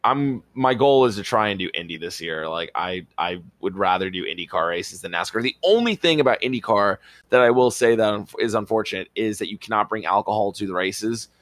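A man telling a rambling, excitable story as a podcast co-host, swearing casually. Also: lowish voice, brisk, dry recording. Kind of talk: casual chat.

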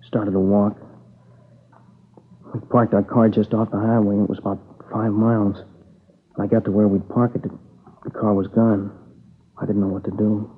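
A man's voice: fairly low pitch, flat delivery, husky. An actor playing an exhausted, tearful young man who halts and speaks in a subdued voice as he recounts his friend's murder. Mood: weary. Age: young adult. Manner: halting, subdued, weary. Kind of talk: dramatic dialogue. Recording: tinny lo-fi old broadcast.

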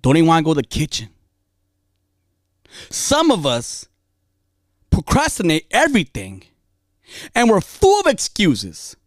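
A woman's voice: low voice, wildly swooping pitch, a little slow, pauses often, no echo. A woman giving a casual motivational talk, emphatic and repetitive, dropping slang as she drives her points home.

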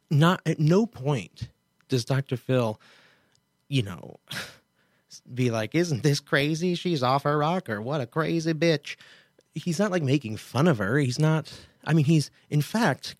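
A man's voice: medium pitch, darkish tone, dry recording, studio quality. A man from Kansas hosting a show, commenting casually with chatty asides and incredulity. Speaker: show host.

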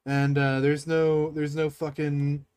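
Young man joking crude, higher voice. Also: monotone, slow pace, darkish tone, smooth, no echo. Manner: crude, joking, laughs often. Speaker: podcast co-host. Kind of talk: casual review chat.

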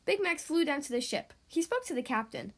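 Brief: a woman narrating a kids' storybook, high and lively. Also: fairly quick. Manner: warm, expressive reading. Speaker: podcast host and reader. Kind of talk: storybook read-aloud for children.

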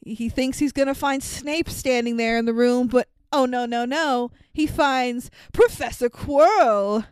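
Woman recapping a movie, kinda high smooth voice, swears a lot, laughs, super dry close mic. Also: a little slow, hardly any pauses, no room sound. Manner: animated, swears freely, laughs often.

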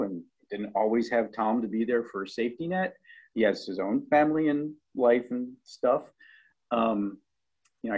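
A middle-aged man, a cookbook author, chatting as a guest in a relaxed interview, hesitant with lots of ums and restarts. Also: on the low side, husky, rough recording. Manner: hesitant, many ums and restarts, chuckling asides. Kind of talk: casual interview chat.

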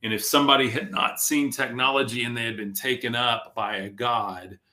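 This man's voice sits at a medium pitch with fairly even intonation and a moderate pace, sounding pushed and bright. He's a podcast host on a casual livestream, rambling and reading viewer comments from the live chat, his voice hoarse and fading after talking all day. He's broadcasting from a tablet.

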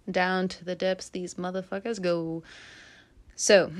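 Animated swearing woman tarot reader. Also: fairly low pitch, drawn-out words, long pauses. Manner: animated, swears freely, laughs often. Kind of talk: casual tarot reading.

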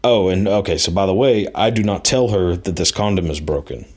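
A man's voice: deep voice, fairly quick, darkish tone. A man telling a personal anecdote in a rambling, casual way, full of fillers and laughing at himself. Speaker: storyteller.

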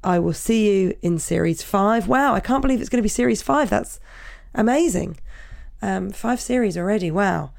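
A woman hosting a podcast, with a croaky voice, interviewing a guest and then signing off with enthusiastic praise. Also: medium pitch, animated, moderate pace, darkish tone. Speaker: podcast host.

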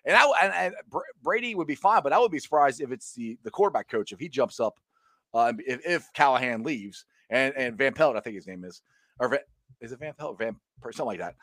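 A man hosting a casual sports talk show, animated and reading viewer comments aloud. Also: medium pitch, brisk, no echo, studio quality. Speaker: show host.

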